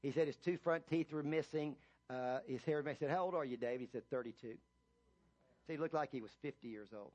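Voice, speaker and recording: A male pastor preaches a sermon in a church, his voice sitting a little high for a man. He tells a long story with stops and restarts, then builds into loud, emphatic scripture reading. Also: brisk, dull audio.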